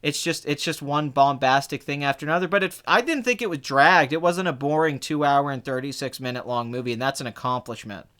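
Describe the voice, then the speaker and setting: This is a young man in relaxed chat, co-hosting a film review show. His voice is bright and smooth, a touch higher than most men's. He talks loosely, with fillers and restarts, and keeps slipping into lively impressions of other people. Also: fairly quick, few pauses. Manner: animated, mimics people in high excited bursts. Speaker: podcast co-host reviewing films. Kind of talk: casual chat.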